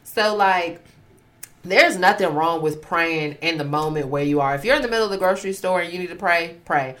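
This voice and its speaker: Young woman, lowish voice, playful faith chat. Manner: expressive, playful, quick asides. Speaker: podcast co-host.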